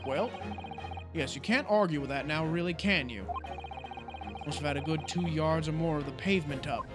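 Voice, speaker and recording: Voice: mid-range voice, normal speed, over music, close to an everyday voice. A game player voicing a blunt older male juror in an attempted posh British accent. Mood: grumbling.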